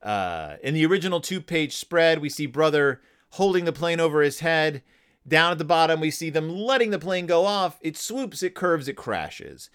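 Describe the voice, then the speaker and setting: A man hosting a casual podcast, his voice slightly higher than most and full of lively pitch swings. He talks through a picture book in a loose, halting way, restarting sentences and filling gaps as he thinks aloud. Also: clear, resonant tone. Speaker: podcast host.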